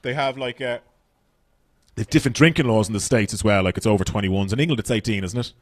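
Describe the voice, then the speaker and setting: A man's voice: on the low side, quick pace, no room sound, clean studio sound. An Irish man doing stand-up comedy on a festival stage, brash and profane, rambling through his stories.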